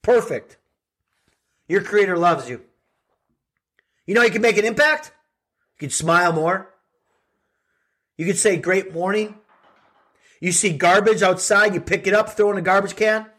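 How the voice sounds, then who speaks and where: A man's voice: high voice, unhurried, pauses often, a bit bright. A middle-aged man hosting a podcast, giving an earnest motivational talk full of rhetorical questions to his listeners. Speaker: podcast host and coach.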